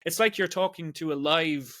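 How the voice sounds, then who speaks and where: Speaking at a normal pace, the forty-something Irish host has a slightly high, somewhat bright voice. His podcast talk is loose and rambling, full of "like" fillers, and the studio sound is echo-free.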